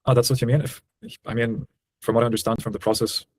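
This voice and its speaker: A man's voice: medium pitch, little pitch movement, fast, a little mellow. A man in his twenties on a call as a prospective client, blunt, frustrated and confrontational. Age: 20s. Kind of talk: tense call conversation.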